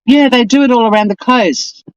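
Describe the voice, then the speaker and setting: A woman's voice: on the high side, a little fast, clear, resonant tone, lo-fi sound. A woman with an Australian accent, hosting a casual live stream and chatting in a rambling, exasperated way.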